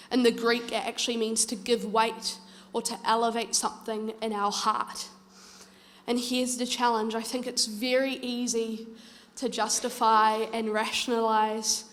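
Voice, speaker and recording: A woman preaching in a church, earnest and pleading as she tells her stories. Her voice sits fairly high, and a long hall reverb trails every line. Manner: earnest, urging, conversational storytelling. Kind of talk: sermon.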